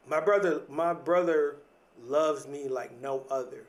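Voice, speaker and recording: Young male podcast host, slightly high voice, earnest and repetitive, motivational talk. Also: a little slow. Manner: earnest, repeats words and restarts, says "like" and "right?" often. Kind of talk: reflective motivational monologue.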